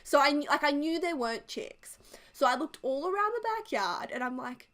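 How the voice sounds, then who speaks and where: A young woman in her twenties tells a rambling personal story in a casual, chatty way. Her voice sits a little high, and she fills her sentences with "like" as she goes. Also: moderate pace. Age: 20s. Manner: chatty and animated, heavy use of "like". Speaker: video creator. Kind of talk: casual storytelling over a build video.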